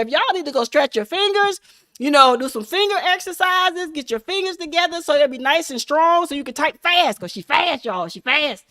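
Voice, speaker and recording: A woman hosting a casual livestream, chatting and laughing with viewers in an animated, hyped-up way. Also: high-pitched. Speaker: livestream host.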